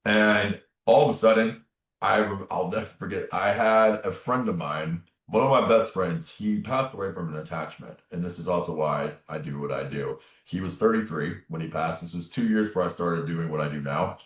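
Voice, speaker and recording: A man's voice: deep voice, normal speed. A man talking as an interview guest, telling a personal story in an earnest, casual way and often adding "man" and "right?". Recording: echoey room.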